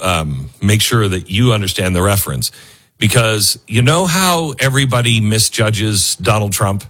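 A man with a lowish, unhurried voice hosts a political talk show. His monologue is opinionated, animated and sarcastic, and he laughs often and mimics people.

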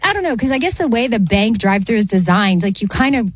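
A woman's voice: quick pace, dry recording. A woman co-hosting a radio show, telling a story in casual chat and acting out other people's lines. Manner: animated storytelling, acts out voices with pitch jumps.

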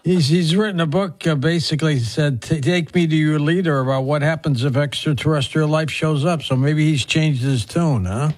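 A man's voice: on the high side, moderate pace, hardly any pauses, a little mellow. A man hosting a talk show, asking questions with a wry, joking touch. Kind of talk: interview questions.

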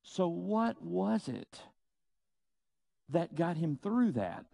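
A man preaching a sermon, slow and emphatic, with dramatic pauses and rhetorical questions. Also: sits high, sing-song, vocal fry, warm tone, dry recording. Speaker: pastor.

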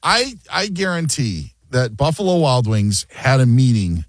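A man's voice: mid-range voice, a little slow, dry recording. A man hosting a sports talk radio show, chatting casually and joking as he acts out quotes. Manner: animated, jokey, acts out quotes.

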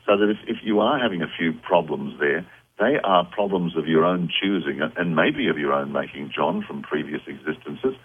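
Low husky guy on a phone line, calm and reassuring, giving spiritual advice on the radio. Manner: earnest, reassuring, explanatory. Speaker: psychic medium guest.

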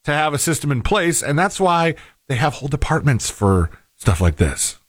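A man co-hosting a talk show, chatting casually in a relaxed, hesitant way. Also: on the high side, normal speed, no room sound, studio quality. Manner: relaxed, hesitant, many fillers.

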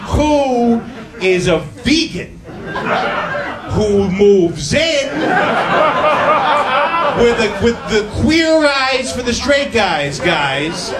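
A man on stage describing a comic idea, animated and playing to the audience. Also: very high-pitched, drawn-out words, pauses often. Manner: animated, over a roaring crowd. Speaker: comedian.

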